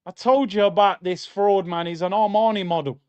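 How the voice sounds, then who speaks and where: A man's voice: sits high, steady tone, fairly quick, clean tone, highs cut off. A young adult man hosting a live football watchalong stream, reacting to the match and reading out chat messages in an exasperated, slangy rant.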